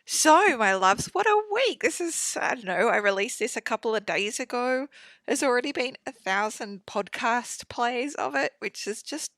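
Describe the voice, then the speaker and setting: A woman's voice: on the high side, animated, normal speed, fairly bright tone, dry recording. A woman, hosting a casual solo podcast, chatty and swearing freely with lots of fillers. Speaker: podcast host. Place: home studio.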